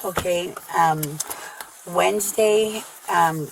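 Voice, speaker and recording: A woman answering a police officer's questions, halting often with fillers and restarts. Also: on the low side, gravelly. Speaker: witness being interviewed. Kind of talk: recorded police interview. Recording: bodycam audio with background noise.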